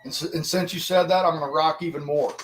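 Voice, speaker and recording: Man in his forties, live streamer, casual chat, constant swearing, slightly raised pitch. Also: fairly even intonation, quick pace, a little hiss or hum. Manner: rambling, addresses viewers directly.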